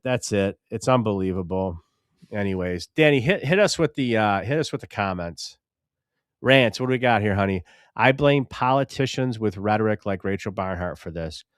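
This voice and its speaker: A man co-hosting a live podcast stream in casual banter, loud, animated, rambling and profane. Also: on the low side, dry recording, studio quality. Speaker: podcast co-host.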